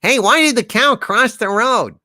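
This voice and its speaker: A man putting on a high, irritable voice for a joke-telling male sidekick on a comedy livestream. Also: lively intonation, measured pace, sharp tone, dry recording, clean studio sound, exaggerated voice. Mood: jokey.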